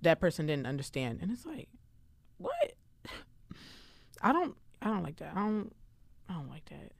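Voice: medium pitch, big pitch swings, brisk, vocal fry, dry recording. A podcast co-host in casual chat who talks loosely and animatedly, using lots of slang and filler words.

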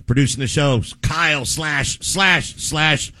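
A man hosting a sports radio show in casual chat, energetic and joking, rambling through introductions. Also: a little high, takes it slowly, very noisy.

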